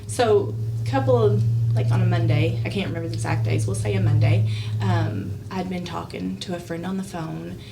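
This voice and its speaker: With a gravelly, low-leaning voice at a moderate pace, a woman appearing as a podcast guest shares a personal story in a relaxed way. She performs others' dialogue with animation, laughs a lot, and at moments comes close to tears. The mic sits slightly far off, and a faint hiss is audible.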